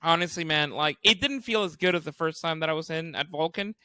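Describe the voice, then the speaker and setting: Bright, high-voiced comedian telling stories. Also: male voice, fairly quick, clear, resonant tone, no echo. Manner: animated, acts out quotes, swears often, laughs while telling. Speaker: podcast co-host. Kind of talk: casual storytelling chat.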